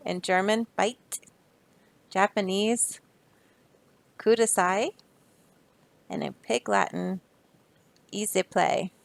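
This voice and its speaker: A young adult woman reads a picture book aloud to children, pausing to explain the pages with chatty, easygoing asides and soft laughs. Her medium-pitched voice is steady, slow, and creaky, with long pauses and no room sound.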